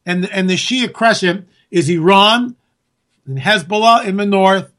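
A man's voice: high voice, unhurried, a bit bright. A man hosting a political talk show, ranting sarcastically to his listeners. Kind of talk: political commentary monologue.

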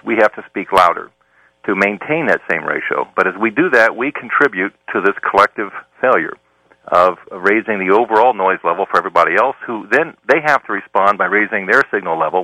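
A man, a professor guest on a talk show, explaining ideas in a measured, lecturing way. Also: on the low side, sharp tone, no room sound, low-quality recording. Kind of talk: explanatory interview answers.

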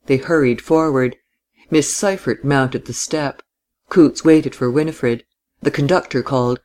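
A man narrating a classic novel in a measured, deliberate audiobook style. He reads steadily and with care, letting the long descriptive sentences unfold. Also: medium pitch, steady tone, darkish tone.

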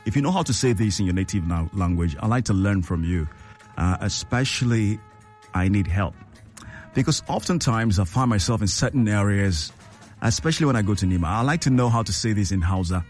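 A man's voice: on the low side, expressive, fairly quick, soft background music. A man hosting a call-in radio show from a studio, playful and teasing, repeating phrases. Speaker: radio host.

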